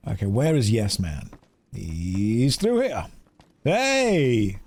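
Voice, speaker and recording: A man's voice: mid-range voice, extremely slow, pauses often, husky. A man streaming a video game, ranting and chatting animatedly as he plays. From England. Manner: animated, ranting, acts out both sides of chats. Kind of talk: casual gameplay commentary.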